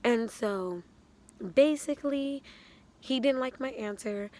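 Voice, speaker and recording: A young woman telling a casual storytime vlog, animated and slangy, often breaking into laughs. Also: sits high, slow. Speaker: vlogger.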